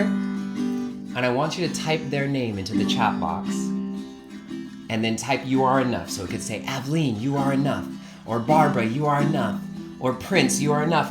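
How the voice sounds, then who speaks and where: A man hosting a live online spiritual session, gently encouraging his audience to join in. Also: medium pitch, roomy sound. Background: guitar playing.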